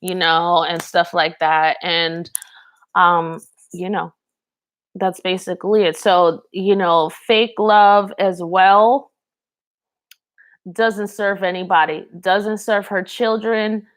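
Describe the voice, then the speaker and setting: A woman's voice: on the low side, steady tone, takes it slowly. A young woman giving a casual live tarot reading, chatty and rambling, talking to viewers in the chat. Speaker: tarot reader.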